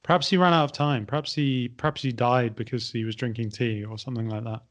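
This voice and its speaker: A man's voice: medium pitch, fairly even intonation, fast talker. A British man in a casual educational chat, agreeing readily and answering with dry humour. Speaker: podcast co-host.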